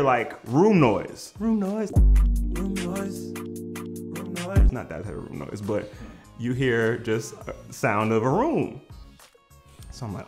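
A man telling a funny personal story in casual slang, animated and prone to shouting out the lines he quotes. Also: fairly low pitch. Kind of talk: comedic storytelling.

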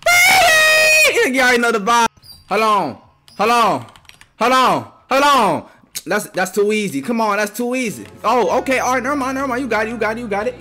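A young man trash-talks his way through a game, his high, lively voice jumping from yelled taunts to quick muttered asides. The tone is bright and edgy, and faint music plays underneath. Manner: loud, taunting, quick swings between shouts and mutters. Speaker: gaming streamer. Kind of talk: trash-talking gameplay commentary.

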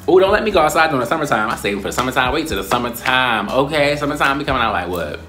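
Animated young man with lively squeals. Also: mid-range voice, quick pace, hardly any pauses, soft background music. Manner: animated, playful, slangy, breaks into squeals. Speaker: YouTuber. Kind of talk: casual vlog haul.

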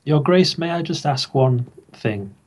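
A man taking part as a player, speaking in a measured, polite way. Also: mid-range voice, expressive, a little mellow. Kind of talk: casual in-character tabletop play.

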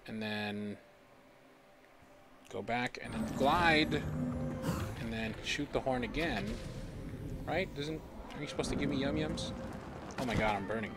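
A young man commentating his gameplay in a loose, silly way, chatting with his viewers and narrating his own moves. His voice sits at an ordinary middle pitch for a man. Game music plays steadily behind him. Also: expressive, a little slow, gravelly, pauses often. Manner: playful, silly, talks to himself and chat. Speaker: game streamer. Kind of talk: casual let's-play commentary.

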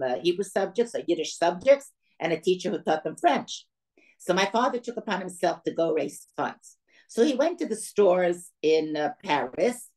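An older woman from the former Soviet Union speaks as a guest to a gathering of women. She tells her family's story in a lively way, acting out the voices of the people in it. Her voice sits a little low for a woman. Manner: lively storyteller who acts out quoted dialogue. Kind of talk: storytelling talk to a women's audience.

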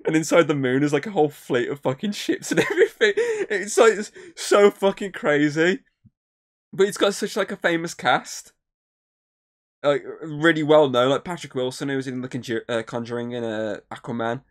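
A man's voice: a little high, expressive, normal speed. Rambling, swearing man. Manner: rambling, swearing, many fillers. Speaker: podcast co-host. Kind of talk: casual podcast chat.

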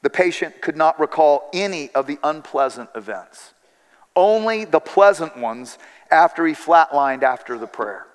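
Male pastor, high register, earnest sermon storyteller; recorded in a hall with long reverb. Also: lively intonation, a little slow, smooth. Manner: earnest storytelling with quoted dialogue.

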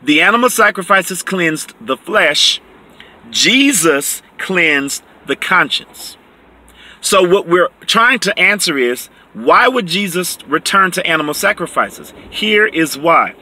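Guy doing a bible study, reads verses real slow, keeps asking okay?, bright tone. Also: sits high, sing-song. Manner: emphatic, checks in with "okay?" often; reads scripture slowly and deliberately. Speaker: Bible teacher. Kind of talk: online Bible teaching.

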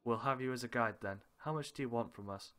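A man's voice: medium pitch, fast talker, a bit bright. A man reading aloud every character's lines of a visual novel, switching between characters with small laughs and asides. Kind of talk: reading game dialogue aloud with light character voices.

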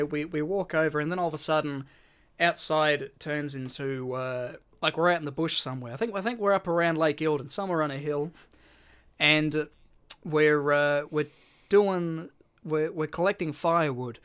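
Bright-voiced Australian man telling a rambling story. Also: on the high side, steady tone, normal speed, smooth. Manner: rambling, repeats words, swears casually. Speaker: podcast co-host. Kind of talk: casual chat, telling a story.

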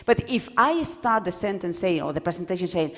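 A woman whose first language is Spanish gives a lively workshop lecture to doctoral students, acting out examples and often restarting her sentences. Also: on the low side, a little fast. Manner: animated, acts out examples, stumbles and restarts. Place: lecture hall. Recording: lecture hall with long reverb.

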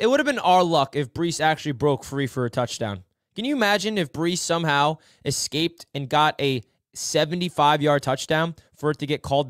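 A man with a slightly high, smooth voice talks through football film in a casual, excitable way. He drops to low mutters, then jumps up to shouts. The sound is dry and close. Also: dry recording. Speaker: sports film breakdown host.

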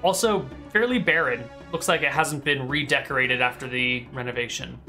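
Bright-voiced male game master. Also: medium pitch, normal speed, faint music behind. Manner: casual, describing scenes with many fillers. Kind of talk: narrating a tabletop game.

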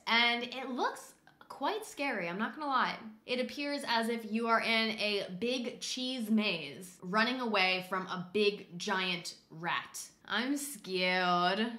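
Shrieking, excitable woman gamer. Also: mid-range voice. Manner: excitable, shrieks and yells when scared. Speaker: gaming video host. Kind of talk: casual gameplay commentary. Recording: echoey room.

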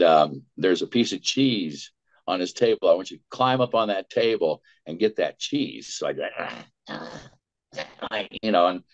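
An older man, a voice actor, telling an anecdote in an interview and acting out the lines he quotes. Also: sits low. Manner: lively storyteller, acts out quotes and cackles. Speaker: voice actor guest. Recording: dull lo-fi sound.

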